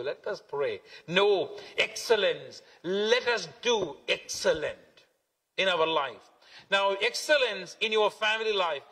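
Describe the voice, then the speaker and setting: A man's voice: high voice, pushed and bright. A man preaching a sermon as pastor, emphatic and repetitive, stretching key words. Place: church hall. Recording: long hall reverb.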